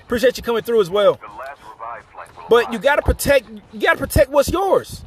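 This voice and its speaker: Male streamer, high voice, casual chat, storytelling between plays. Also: lively intonation, a little fast. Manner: casual, chatty, retells a story while playing and thanking viewers. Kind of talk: live gameplay stream with storytelling.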